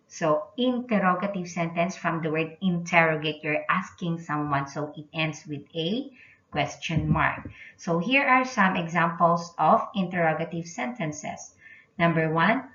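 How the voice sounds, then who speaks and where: A woman's voice: fairly low pitch, fairly bright tone. A woman teaching an English grammar lesson, explaining patiently and repeating the key points. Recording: dull roomy recording.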